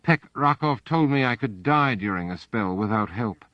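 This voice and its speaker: An injured woman prisoner and informer, guarded and calculating, dizzy and in pain, as a male narrator puts her on a few steps above his own pitch. She forces her words out in strained gasps, and the dull, dry recording keeps it close and muffled. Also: expressive, moderate pace, no echo, natural voice.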